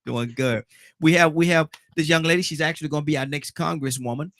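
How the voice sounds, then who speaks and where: Fast-talking chatty male talk show host. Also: a little high, a bit bright, dry recording. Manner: quick, chatty and joking with callers. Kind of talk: casual live talk show hosting.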